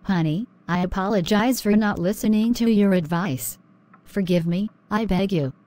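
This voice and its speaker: A woman voicing a caring mother in an animated drama, protective and indignant. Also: medium pitch, moderate pace, lightly acted. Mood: contrite.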